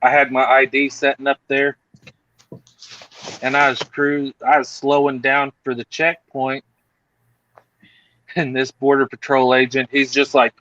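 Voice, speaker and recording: A man's voice: mid-range voice, unhurried, pauses often, dry recording. Guy telling a story on a video call, does everyone's lines, kinda muffled dry audio. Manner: animated, acts out other people's lines. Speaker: storyteller in group chat. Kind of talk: casual chat.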